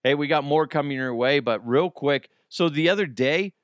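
A man in his thirties, hosting a radio show in casual chat, telling stories with animated put-on quotes and reading an ad. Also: a little high, moderate pace, no room sound, studio quality. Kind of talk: casual chat and live-read ad.

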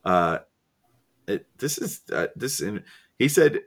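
A man co-hosting a podcast, reading listener questions in a relaxed, hesitant way with many fillers. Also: low-pitched, measured pace, pauses often. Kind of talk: casual chat.

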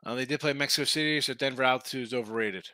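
A man's voice: medium pitch, racing, crowd noise. A man hosting a sports betting show, rambling in casual talk and often repeating himself.

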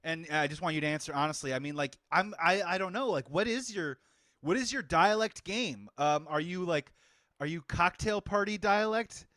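A man's voice: sits high, moderate pace, bright, forceful tone, no room sound, studio quality. A man hosting a casual movie podcast, upbeat and often laughing, stretching words out for emphasis. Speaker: podcast host.

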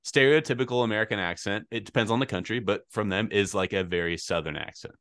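Low-voiced man with dry, teasing humor. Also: fast, a bit bright, no room sound. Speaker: podcast co-host. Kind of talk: casual chat.

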